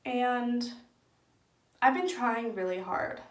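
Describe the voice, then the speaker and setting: A woman's voice: fairly high pitch, slow. A young woman talking openly and earnestly to camera in a personal vlog. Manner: earnest, open and soft-spoken. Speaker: vlogger. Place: echoey room at home. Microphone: camera in front of speaker. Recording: echoey room.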